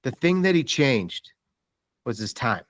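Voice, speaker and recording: A man with a mid-range, unhurried voice, recorded at studio quality with no echo, delivers a motivational seminar talk. He's a mortgage sales trainer, and he tells stories in an animated way, acting out quoted dialogue.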